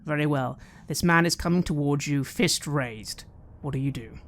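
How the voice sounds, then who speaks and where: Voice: mid-range voice, a little hiss or hum. A game master narrating scenes and asking players what they do. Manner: descriptive, measured narration.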